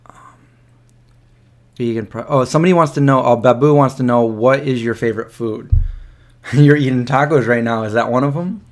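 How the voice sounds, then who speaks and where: A man's voice: mid-range voice, normal speed, pauses often. A man in his forties hosting a live stream chat, easygoing, reading viewer questions aloud. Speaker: host. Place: indoors, eating lunch. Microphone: external mic.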